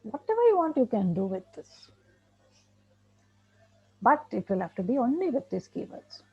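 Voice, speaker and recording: Indian English woman trainer, gravelly mellow delivery, dull lecture recording. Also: medium pitch, lively intonation, a little slow. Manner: emphatic, repeats points, laughs often. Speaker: special education trainer. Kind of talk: lecture to teachers and parents.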